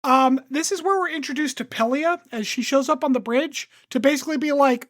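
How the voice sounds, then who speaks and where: Woman podcast host, casual recap, filler-heavy chat, slightly high voice, dry close sound. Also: brisk, no echo. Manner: chatty recap with lots of um and like, acts out characters' lines. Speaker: podcast co-host summarizing the episode.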